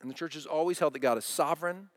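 A man's voice: a little high, very fast, no room sound, clean studio sound. A middle-aged man preaching a sermon, earnest and direct, often asking the congregation questions. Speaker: pastor.

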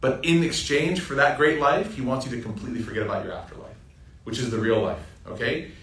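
A young man teaching an informal Quran reflection class, lively and joking, often asking the audience questions. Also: medium pitch, fast. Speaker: Islamic teacher. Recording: roomy sound from a distant mic with faint ambient noise.

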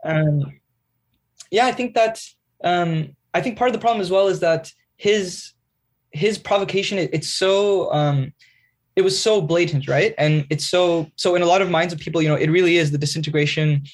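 A man's voice: sits high, moderate pace. A man answering interview questions earnestly, explaining ideas at length and often checking in with "right?". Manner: earnest, lecturing, keeps adding "right?". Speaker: guest, magazine writer.

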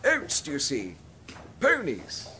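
A man's voice: a little high, huge pitch swings, slow, sharp tone, a little hiss or hum, full character voice. A man playing a pompous, easily offended polar expedition captain in a comic history sketch. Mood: huffy. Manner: indignant, stiff-upper-lip bluster.

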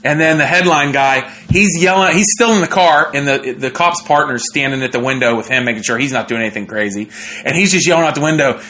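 Bright-voiced man telling a funny story. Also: mid-range voice, fast talker. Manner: animated, laughing storyteller with many fillers. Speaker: comedian guest. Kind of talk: casual storytelling.

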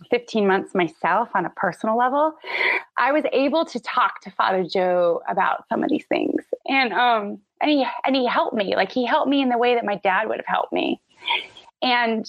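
Animated woman with a gravelly edge. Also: medium pitch, no echo, lo-fi sound. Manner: animated, emotional storytelling. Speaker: guest, author and musician. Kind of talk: live-stream interview. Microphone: remote call.

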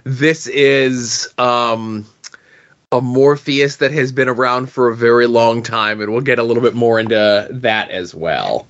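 A man co-hosting a podcast in casual comic book chat, talking in a measured way and thinking aloud. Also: medium pitch, muffled recording. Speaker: podcast co-host.

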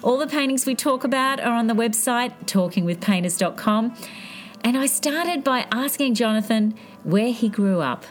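A woman host reading a scripted introduction to an interview in a measured way. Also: a little high, lively intonation, faint music behind. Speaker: podcast host.

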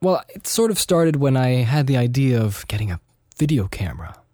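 A man's voice: mid-range voice, very animated, normal speed, mellow, no echo, studio quality. A man hosting a podcast, telling a meandering personal story with many restarts and fillers. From United States and Austria. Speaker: podcast host. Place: studio.

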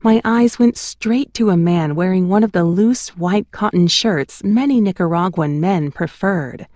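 A woman narrating her memoir in an expressive, storytelling cadence on a close studio mic. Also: on the low side, measured pace, dry recording.

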